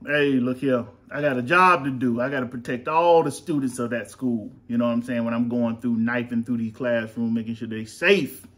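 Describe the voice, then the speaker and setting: A man hosts a casual family podcast at home. He rambles through long stories, full of ums and restarts. His pitch sits in the middle range. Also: moderate pace, hardly any pauses, fairly bright tone. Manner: rambling storyteller, lots of fillers. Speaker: podcast host and father. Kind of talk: casual chat.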